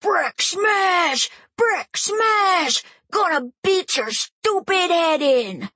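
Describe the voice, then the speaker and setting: A woman voicing a rowdy seven-year-old boy who shouts and whines. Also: very high-pitched, expressive, very slow, dry recording, voice pushed up, full character voice. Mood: shouting. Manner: loud, shouty, whiny.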